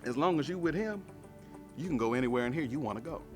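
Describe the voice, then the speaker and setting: A man's voice: medium pitch, expressive, quick pace, over music, pitched above the performer's own voice, natural voice. A man voicing a kind, motherly woman at a club desk, in a sermon story. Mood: reassuring.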